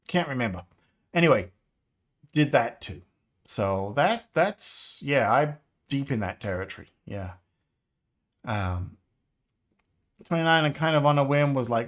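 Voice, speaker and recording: A man in his fifties chatting casually on a live stream, rambling, nostalgic and quick to laugh. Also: medium pitch, lively intonation. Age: 50s. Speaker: game developer livestreamer.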